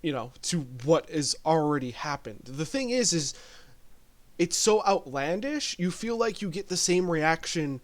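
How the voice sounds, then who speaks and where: A man with a high-pitched voice co-hosts a casual podcast chat. He gives frank, blunt opinions and restarts his sentences often with fillers. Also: lively intonation, measured pace. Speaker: podcast co-host.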